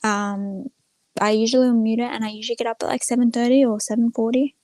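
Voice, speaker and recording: Chatty young woman, bright pitch. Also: flat delivery, fast, no echo. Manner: chatty and rambling, retelling with lots of "I'm like". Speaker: streamer. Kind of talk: casual livestream chat.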